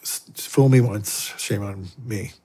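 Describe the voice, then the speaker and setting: A middle-aged man with a husky, slightly low voice tells personal stories as a guest in a long interview. He is a Catholic priest, and he brings each anecdote to life by acting out what people said. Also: unhurried. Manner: animated anecdotes, acting out dialogue. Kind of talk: storytelling in a long-form interview.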